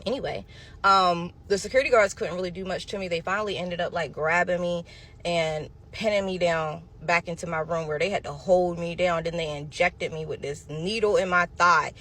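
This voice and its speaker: A woman telling her own story to viewers in a casual, animated storytime, calling them y'all and honey. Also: fairly low pitch, moderate pace, slight background noise.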